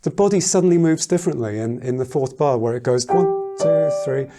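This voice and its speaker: A man teaching a piano lesson in a casual, thoughtful way, pausing often and humming rhythms aloud. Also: medium pitch. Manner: thoughtful, hesitant, sings and counts rhythms aloud. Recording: loud piano playing behind the voice.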